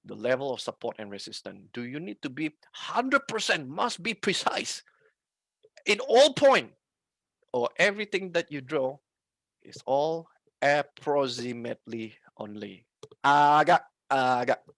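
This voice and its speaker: A trading instructor with a Malaysian English accent teaches a live online trading lesson, mixing in Malay and often asking his viewers questions. His mid-range voice is fairly bright with lively intonation and a moderate pace, in a dry recording.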